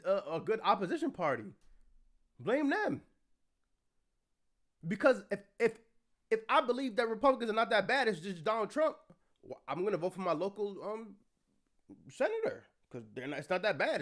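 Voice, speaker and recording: Profane, indignant high-voiced man. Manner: profane, indignant, rants and shouts in anger. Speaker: streamer reacting to an article. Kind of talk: heated political commentary stream.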